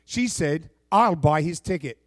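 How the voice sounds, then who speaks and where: High-voiced man preaching with big swings. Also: measured pace, no room sound, studio quality. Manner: animated preaching, swings from shouted scripture to low asides. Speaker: pastor. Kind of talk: sermon.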